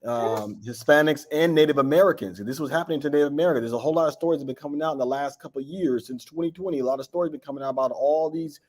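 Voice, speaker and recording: A man's voice: fairly high pitch, rapid-fire, hardly any pauses, darkish tone. A man taking part in a Bible class discussion, reading verses aloud and adding his comments in a casual way, often filling with "you know". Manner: conversational, with "you know" fillers. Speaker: class participant. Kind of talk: informal scripture discussion.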